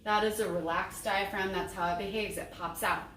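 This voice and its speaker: A woman's voice: mid-range voice, steady tone, normal speed, fairly bright tone, distant mic, slight background noise. A woman giving a voice lesson in an upbeat, encouraging way. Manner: upbeat and encouraging, sings examples. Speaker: voice teacher. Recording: roomy, mic set back, faint ambience.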